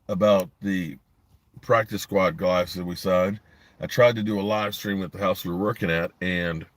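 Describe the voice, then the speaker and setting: Guy doing a sports live stream off his phone in a driveway, blunt rambling rant, low dry voice. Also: fairly bright tone, no echo. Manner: blunt, rambling, frustrated, talks to live chat. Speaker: sports podcast host. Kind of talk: casual live-stream commentary. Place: parked in a driveway.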